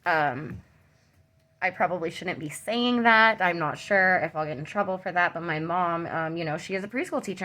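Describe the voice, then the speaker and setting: A young woman, a mother, telling a personal story to camera in a halting way, full of ums and you-knows. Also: medium pitch. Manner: soft and subdued, rising when tense.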